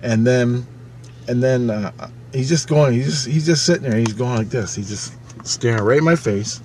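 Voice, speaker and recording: A man in his fifties narrating a personal experience in a loose, unscripted monologue. He talks at a middle pitch, swears freely, and circles back on his own phrases. A faint hiss sits under his voice. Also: a little mellow. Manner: profane, emphatic, halting retelling with repeated phrases. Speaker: channel host.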